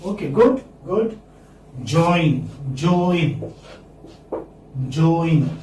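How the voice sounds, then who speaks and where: A man teaching English phonetics to a class in a lecture style, slowly repeating each word so the students can copy it. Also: sits high, animated, darkish tone, far from the mic. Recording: echoey classroom, speaker off-mic, faint noise.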